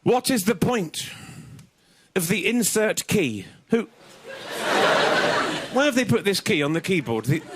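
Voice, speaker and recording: A man doing a stand-up comedy set on a TV show, telling observational jokes in an animated way. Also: high-pitched, unhurried, pauses often, heavy background noise. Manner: animated, mock French and mock-suave voices. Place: TV comedy studio stage. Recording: TV studio with loud audience laughter.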